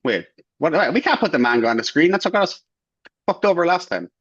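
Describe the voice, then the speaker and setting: Man, podcast co-host, excitable, swearing, dull lo-fi recording. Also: fairly high pitch, breathy edge. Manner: excitable, swears, quick outbursts. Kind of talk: casual chat. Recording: lo-fi dull sound.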